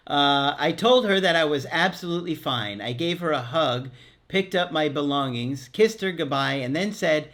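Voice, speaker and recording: A middle-aged man with a fairly high voice hosts a relationship podcast in casual chat. He reads a listener's story aloud and stops to joke about the details. His delivery stays playful and he laughs often at his own asides. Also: moderate pace, fairly bright tone. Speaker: relationship coach and podcast host.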